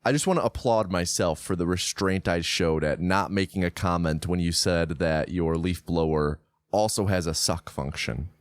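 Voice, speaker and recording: A man's voice: deep voice, moderate pace, hardly any pauses, no room sound, clean studio sound. A man co-hosting a film podcast, teasing his co-host and cutting in with questions in casual chat. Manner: playful, teasing, interrupts with questions.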